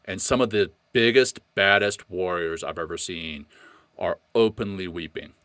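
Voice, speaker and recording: A man's voice: deep voice, normal speed, sharp tone, no room sound. A middle-aged man co-hosting a podcast, talking earnestly and passionately, often restarting his sentences. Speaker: podcast co-host. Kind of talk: casual podcast discussion.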